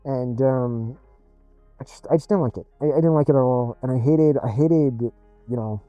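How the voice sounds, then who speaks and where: A man's voice: mid-range voice, moderate pace, warm tone, no room sound, soft background music. A man telling a rambling personal story in blunt, profane, casual speech as a gaming video creator.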